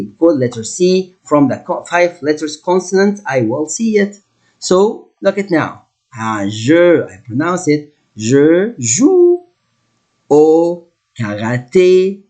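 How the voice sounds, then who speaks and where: Husky teacher slowly spelling out French. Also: male voice, on the high side. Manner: slow deliberate repetition of French words, halting English. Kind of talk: classroom lesson explanation.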